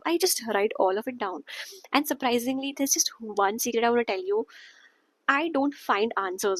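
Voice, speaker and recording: A young woman with an Indian English accent talks straight to camera in a slightly high voice. She comes across earnest and repeats herself, with bits of Hindi mixed into her English. The sound is close and dry, with no room echo. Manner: earnest and repetitive, slips into Hindi phrases. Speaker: wellness vlogger. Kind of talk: casual talk to camera.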